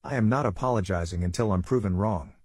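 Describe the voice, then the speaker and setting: A man's voice: fairly low pitch, fast, darkish tone, dry recording, studio quality, lightly acted. Man voicing a spiteful old mother-in-law. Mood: scornful. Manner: accusing and scornful. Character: spiteful older woman, bitter mother-in-law.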